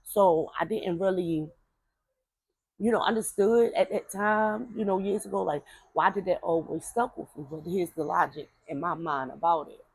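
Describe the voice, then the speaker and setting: Woman, gravelly, casual storytelling, fillers and restarts, dry close sound. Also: lowish voice, normal speed, dry recording, rough recording. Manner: rambling, repeats words, frequent fillers; acts out voices of relatives in quotes.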